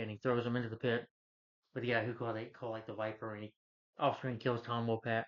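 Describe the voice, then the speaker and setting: A man's voice: mid-range voice, level tone, fast talker. A man reviewing a movie, casually rambling through the plot and stringing events together with "he's like". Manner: rambling, loose retelling full of "he's like". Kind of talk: casual movie recap rant. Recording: dull lo-fi recording.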